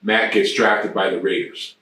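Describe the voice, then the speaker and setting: Recorded from afar in a very echoey room, a sixty-something man shares rambling, profane stories as an interview guest. His fairly low voice is bright and forceful, with fairly even intonation and an unhurried pace.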